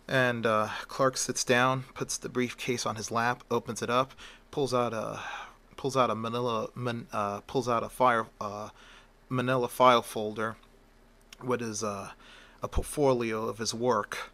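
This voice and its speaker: Rambling male storyteller, bright voice. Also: medium pitch, flat delivery, moderate pace, creaky. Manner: rambling, with many fillers and restarts. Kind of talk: improvised fan story narration.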